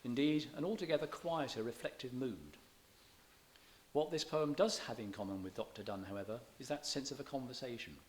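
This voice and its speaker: A visiting English lecturer speaks about poetry to an audience in a church hall, his mid-range voice brisk against slight background noise. He is chatty and digressive, often stopping to correct himself.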